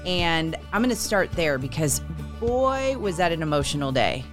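A woman hosting a faith podcast, telling stories in a lively, animated way and acting out what others said. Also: low voice, moderate pace, over music. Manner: animated storyteller, acts out quoted voices. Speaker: podcast host. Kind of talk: casual conversation.

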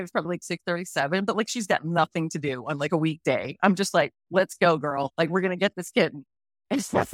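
A woman in her forties hosting a podcast, telling a story in a casual, animated way and laughing often. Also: on the low side, dry recording, studio quality. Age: 40s. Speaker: podcast host.

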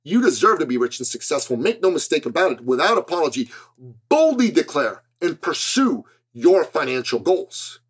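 A man's voice: fairly high pitch, very animated, moderate pace, husky. A man hosting a podcast, delivering an earnest, emphatic, scripted motivational monologue. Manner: earnest and emphatic, with a preacher-like build. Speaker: podcast host.

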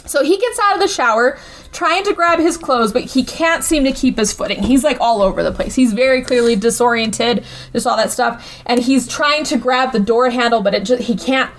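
A woman's voice: on the high side, normal speed. A woman chatting casually as she recaps a movie plot, with lots of fillers and asides. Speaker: podcast host.

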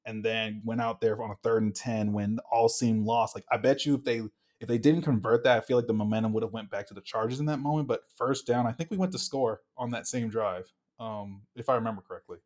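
A man's voice: fairly low pitch, fairly quick, few pauses. A young man co-hosting a casual sports podcast, getting worked up and acting out what players said. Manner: animated, gets worked up, acts out quotes. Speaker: podcast co-host.

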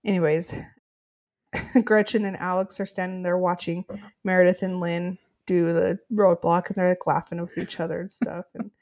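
A woman's voice: on the low side, little pitch movement, normal speed, a little mellow. A woman co-hosting a podcast, chatting casually and laughing as she recaps a reality show. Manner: chatty, laughing, lots of fillers. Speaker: podcast co-host. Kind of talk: casual rewatch chat.

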